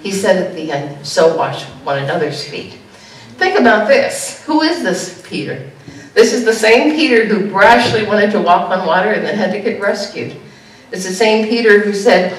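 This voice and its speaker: A woman pastor giving an animated sermon, jumping to high exclamations now and then. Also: normal speed. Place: church sanctuary. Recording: echoey church room heard from a distance.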